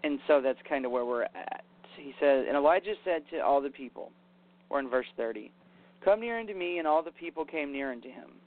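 A man with a mid-range voice preaches briskly and casually, reading scripture and paraphrasing it with "basically" and "you know." The audio has a tinny, phone-like quality.

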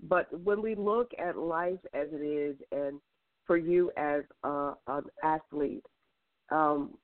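A woman's voice: low-pitched, slow, no echo. An upbeat woman hosts a faith-based radio show over the phone. She repeats words for emphasis. The sound is thin and phone-like, with a dry, close feel. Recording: tinny phone line.

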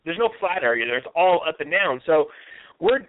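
A man's voice: on the high side, expressive, a little fast, dry recording. A man talking earnestly and reflectively in a conversational interview, often restarting his sentences. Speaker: guest. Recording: tinny phone-line audio, dry.

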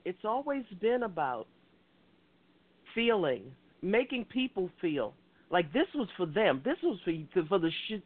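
A woman hosting an internet talk radio show, talking in an effusive, passionate, rambling way. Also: medium pitch. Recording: tinny phone-like line.

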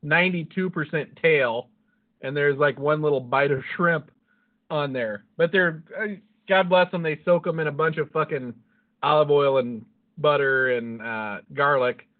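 A man's voice: on the high side, measured pace. A man co-hosting a podcast, telling a rambling story in a casual chat, swearing constantly and laughing at his own jokes. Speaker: podcast co-host. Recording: phone-like lo-fi audio.

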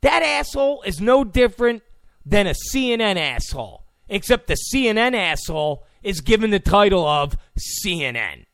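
Brief: male podcast host ranting, high voice with a gravelly edge, slow deliberate pacing, profane and mocking. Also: sing-song, a bit bright, dry recording. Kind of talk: ranting monologue.

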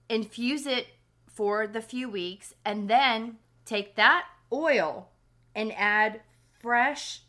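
A woman hosting a podcast with a scratchy, slightly hoarse voice, explaining remedies step by step in a practical, instructional way. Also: medium pitch, fairly bright tone. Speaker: podcast host.

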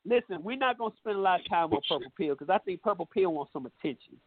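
A man's voice: high-pitched, animated, fast, breathy edge, no echo. A man hosting a casual call-in radio show, laid-back and laughing, repeating his phrases. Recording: tinny phone-like line, dry.

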